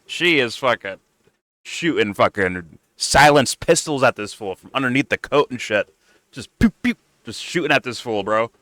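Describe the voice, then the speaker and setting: Man, reaction streamer, casual, profane, excitable, bright tense voice. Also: mid-range voice, moderate pace, no room sound. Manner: profane, excitable, laughs often.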